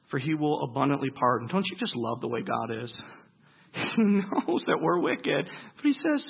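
A man preaching a sermon, asking his listeners questions and answering them, swinging between loud emphasis and hushed, low lines. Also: very animated, normal speed, creaky, slightly rough, dull audio.

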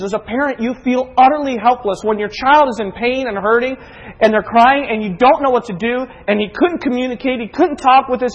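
Man, pastor, sermon, fairly high husky voice, earnest, hushed to impassioned, long church echo. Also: dull audio.

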